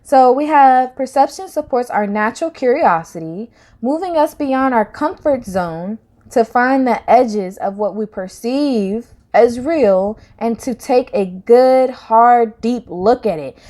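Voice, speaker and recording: A woman's voice: on the high side, animated, slow pace. Slangy woman giving a tarot reading. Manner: slangy, rambling, swings loud and soft. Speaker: tarot reader. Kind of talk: casual spiritual reading to camera.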